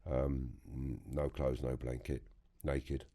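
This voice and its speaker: Deep-voiced blunt London man. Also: flat delivery, slow pace, dark tone. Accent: London English. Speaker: podcast guest. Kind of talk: blunt storytelling in conversation. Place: podcast studio.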